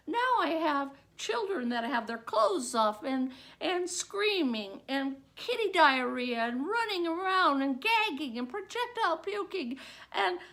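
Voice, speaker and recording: Woman, middle-aged, storyteller, slow delivery, gravelly fry, vivid and dramatic. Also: sits high. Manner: slow, vivid storytelling that swells into loud excitement. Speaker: storyteller, former teacher. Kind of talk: told personal story at a contest.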